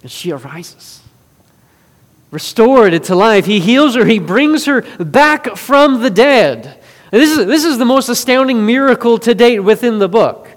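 A man preaching a sermon in an earnest way, moving between forceful and hushed delivery. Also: very high-pitched, lively intonation, measured pace. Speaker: pastor. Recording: long reverb of a large hall.

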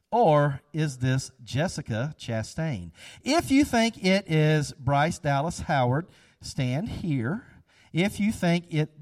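A man's voice: fairly high pitch, no room sound, studio quality, recorded from a distance. A man leading a casual, chatty sermon after an audience guessing game, upbeat and repeating himself.

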